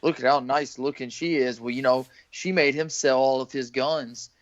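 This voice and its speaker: A man's voice: mid-range voice, fairly even intonation, normal speed, no room sound. A man chatting casually on a podcast who speaks his mind freely. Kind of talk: casual chat. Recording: dull lo-fi sound.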